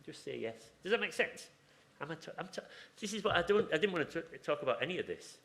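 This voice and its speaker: Fast and sing-song, with a high pitch and fairly bright tone, a man delivers a casual conference-room talk. He rambles, drifts into asides, and keeps starting his sentences over.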